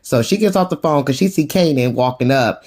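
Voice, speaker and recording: A woman recapping a TV episode in loose, slangy talk, with plenty of swearing. She tells it with lively energy and keeps slipping into the characters' voices to play them out. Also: a bass voice, brisk. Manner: animated, profane, slangy storytelling; acts out characters' lines in shifting voices. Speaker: TV episode reviewer.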